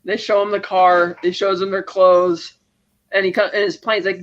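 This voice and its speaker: A man co-hosting a podcast, retelling a movie scene by scene in a rapid, rambling casual chat. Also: high-pitched, little pitch movement, fairly bright tone, muffled recording. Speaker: podcast co-host.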